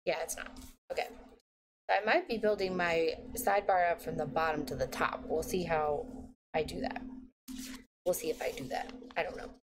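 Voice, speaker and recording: A woman's voice: low voice, fairly even intonation, moderate pace, pauses often. A woman in her thirties from the United States, narrating a casual planner session while she works, chatty and mildly sarcastic, talking to herself. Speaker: planner vlogger. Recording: noisy home recording.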